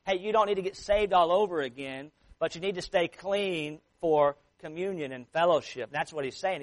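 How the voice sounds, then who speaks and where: During his sermon, this preacher reads a Bible passage with slow, emphatic delivery before unpacking it conversationally and simply, restarting often. The rough recording carries his fairly high-pitched voice.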